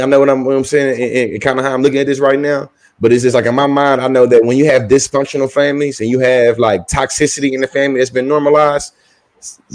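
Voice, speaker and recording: A man around thirty co-hosting a casual podcast chat. His speech is slangy and profane, and he rambles through restarts. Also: mid-range voice. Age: 30s. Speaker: podcast co-host.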